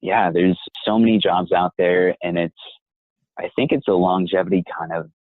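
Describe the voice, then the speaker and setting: A young man, a voice actor, talking in a measured, reflective and encouraging way as an interview guest. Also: low-pitched, steady tone, no echo. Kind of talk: interview conversation. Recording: tinny phone-like line.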